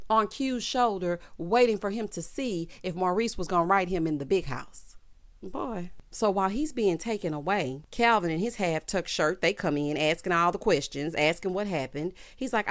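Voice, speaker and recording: A woman's voice: medium pitch, moderate pace. A woman recapping a TV drama in casual, sassy commentary, acting out the characters' lines in a Southern-tinged style. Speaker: TV recap host.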